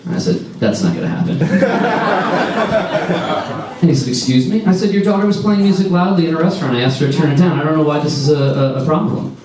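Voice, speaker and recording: A man in his forties doing a stand-up comedy set, wry and deadpan with lively storytelling. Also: on the high side, a little fast, pauses often, a crowd in the background. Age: 40s. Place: comedy club stage. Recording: echoey club sound from a distance. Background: audience laughter.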